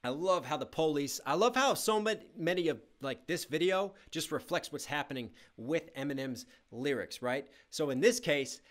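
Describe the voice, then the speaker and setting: Young man, live reaction host, fairly high voice, excitable, chatty, reads chat. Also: normal speed, hardly any pauses. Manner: excitable, breaks into shouts and explains rhyme schemes. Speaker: music reaction streamer.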